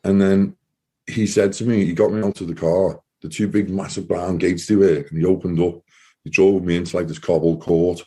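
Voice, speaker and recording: Husky low-voiced man. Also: fairly even intonation, dark tone. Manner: halting, acts out past dialogue in quotes. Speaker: interview guest, former soldier. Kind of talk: personal storytelling in conversation.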